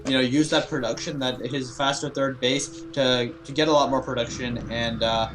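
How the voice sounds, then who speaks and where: A man co-casting a live strategy game, giving relaxed analysis with lots of fillers. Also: mid-range voice, moderate pace, poor audio. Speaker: esports co-caster. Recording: music playing behind the voice.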